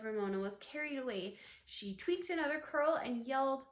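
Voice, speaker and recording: A woman teacher reading a children's book aloud with expressive storytelling. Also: high-pitched, moderate pace, few pauses. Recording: echoey room.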